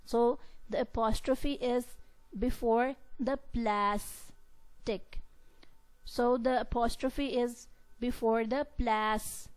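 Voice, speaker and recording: A woman lecturing on pronunciation, explaining slowly and repetitively and correcting herself as she goes. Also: a little high, fairly even intonation, darkish tone, smooth, rough recording. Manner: slow, repetitive explaining with frequent self-corrections. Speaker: English lecturer. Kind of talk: recorded university lecture.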